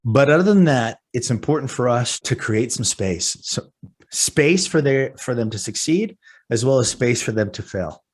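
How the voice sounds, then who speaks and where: A man in his forties talks on a business podcast like a lively storyteller. He leans into his anecdotes and plays out his own voice in the scenes he recalls. His pitch and speaking level sit in an ordinary middle range. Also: moderate pace, slightly rough. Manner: animated storyteller, acts out his own panicked lines. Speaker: podcast co-host. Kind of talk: casual podcast chat.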